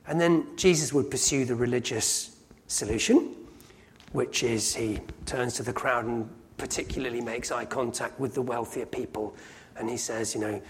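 A man preaching a sermon, telling a story in a conversational way and often slowing down to emphasize lines. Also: mid-range voice. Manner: conversational storytelling with sudden loud acted cries.

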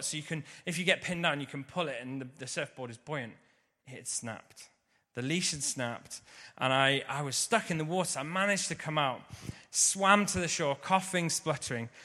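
Man telling a story in a hall. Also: a little high. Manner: vivid storyteller, swinging between loud and hushed. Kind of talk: personal storytelling. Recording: long reverb of a large hall.

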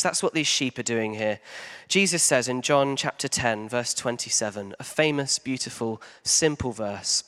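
A man as a pastor giving a sermon in a church hall, talking conversationally with frequent ums and animated emphasis. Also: mid-range voice, moderate pace, hardly any pauses.

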